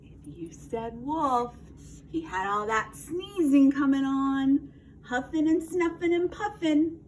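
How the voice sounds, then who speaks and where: First grade teacher, woman, slow and encouraging, slightly high voice, faint room noise behind. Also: animated. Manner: slow, encouraging, quizzing children. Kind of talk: read-aloud lesson for young children. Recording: distant mic, faint background noise.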